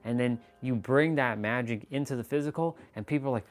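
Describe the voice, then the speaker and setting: A man's voice: mid-range voice, fairly quick. A man giving casual, intense motivational talk on his live stream, preachy and swearing freely.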